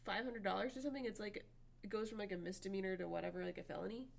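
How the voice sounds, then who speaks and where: A woman's voice: medium pitch, fairly even intonation, rapid-fire, vocal fry. A woman in casual chat, wry and chatty, adding facts and jokes.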